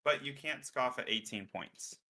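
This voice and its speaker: A man's voice: medium pitch, moderate pace, sharp tone. A man co-hosting a casual sports podcast, talking loosely and joking. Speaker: podcast co-host.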